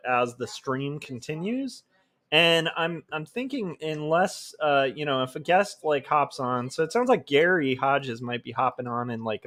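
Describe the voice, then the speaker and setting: A man's voice: mid-range voice, fairly bright tone. A man in his forties hosting his own livestream from home, chatting casually with lots of fillers and restarts and poking fun at himself. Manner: rambling and self-deprecating, many fillers and restarts.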